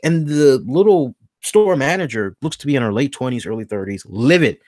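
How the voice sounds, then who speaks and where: A man in his thirties hosting a podcast, telling a story in a casual rant, acting out the people in it with big jumps in pitch and some swearing. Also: moderate pace, hardly any pauses, no room sound, studio quality. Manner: animated, acts out quoted dialogue with big pitch jumps, swears. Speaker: podcast host.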